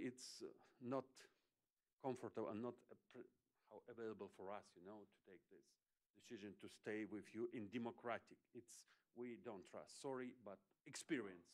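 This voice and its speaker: A man's voice: mid-range voice, a bit bright. Impassioned man. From Chechnya. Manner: halting non-native English, frequent apologies, emphatic. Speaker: forum panelist. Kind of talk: impassioned panel remarks.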